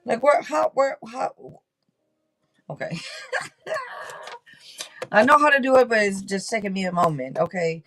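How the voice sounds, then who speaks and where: An excitable woman hosts a live-stream tarot chat at a medium pitch. She rambles, restarts her sentences and drops casual swear words as she goes. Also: a little slow, pauses often, low-quality recording.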